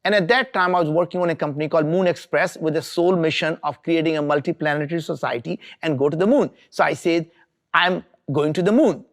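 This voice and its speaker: A man's voice: on the high side, fast. Earnest man giving a motivational talk. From India. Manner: earnest, emphatic, repeats for stress. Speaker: entrepreneur speaker.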